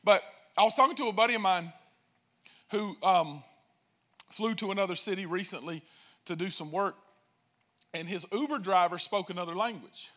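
A man preaching a sermon as pastor, telling jokes and stories in a lively way and acting out quoted voices. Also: high-pitched, moderate pace, pauses often. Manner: animated, joking storytelling with acted-out voices.

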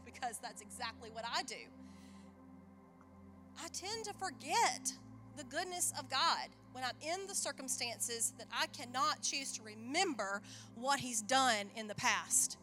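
A woman preaching a sermon in an animated way, acting out the voices she quotes. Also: a little high, normal speed, music in the background. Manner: animated, acts out quoted voices, chuckles at herself.

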